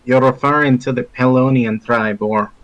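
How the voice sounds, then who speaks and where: A man doing a blunt soldier buddy with a heavy accent, always calling folks lad. a man plays him in a tabletop game, mid-pitched and plain, not especially high or low. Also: steady tone, moderate pace, a bit bright, muffled recording, natural voice. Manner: blunt, calls others lad. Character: gruff male soldier comrade with a thick accent. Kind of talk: in-character tabletop role-play.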